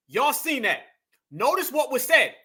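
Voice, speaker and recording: High-pitched dude hyping up his viewers, preachy reaction talk. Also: big pitch swings, takes it slowly, pushed and bright, husky. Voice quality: emphatic, addresses viewers as family. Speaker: commentary host. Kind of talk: reaction commentary.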